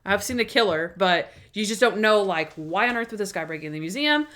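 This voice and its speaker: A woman's voice: medium pitch, expressive, a little fast, a bit bright. A woman co-hosting a podcast in casual chat, eager and full of fillers. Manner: chatty, many fillers, eager. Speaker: podcast co-host.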